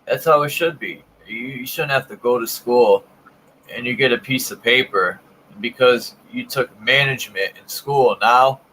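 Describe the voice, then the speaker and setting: A man's voice: mid-range voice, moderate pace, sharp tone, a little hiss or hum, rough recording. A man in casual chat, bluntly recounting his work experience with plenty of swearing. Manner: blunt and profane, tells work stories.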